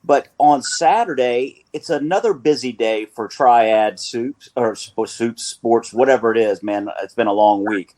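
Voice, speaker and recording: A sports radio host with a North Carolina accent speaks in a mid-range, darkish voice, a little slowly and with few pauses. He's playful and rambling, correcting himself as he goes.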